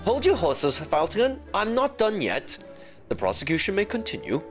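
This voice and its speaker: Formal pompous prosecutor laying out his case, bouncy pitch, read by a streamer. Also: wildly swooping pitch, normal speed, faint music behind. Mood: smug. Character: eager, fussy prosecutor in a bird courtroom.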